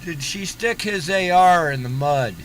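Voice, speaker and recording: A man's voice: on the high side, expressive, unhurried, a bit bright, slight background noise, low-quality recording. A man giving sarcastic commentary on a livestream, recapping and mocking what others said.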